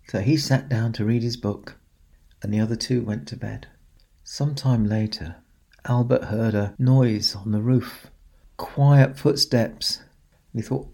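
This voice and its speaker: A man telling a children's story in a gentle, expressive way, with dramatic pauses. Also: medium pitch, vocal fry. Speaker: storyteller in a Santa persona.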